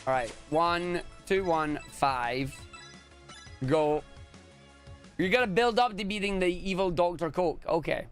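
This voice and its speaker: A Scottish man streaming a speedrun, talking casually with jokes and sudden excited exclamations. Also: sits high, takes it slowly, pauses often. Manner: excitable, jokey, bursts into loud exclamations. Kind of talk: casual live-stream commentary. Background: game music.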